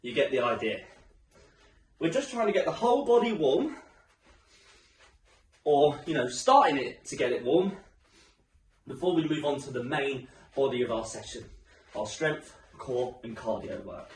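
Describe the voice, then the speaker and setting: A man coaches a home workout in a chatty, encouraging way, his voice rising and falling in a lively sweep. He sounds a little out of breath. He is recorded at some distance in an echoey room. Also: mid-range voice, normal speed, long pauses, a little hiss or hum. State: slightly out of breath. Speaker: fitness instructor.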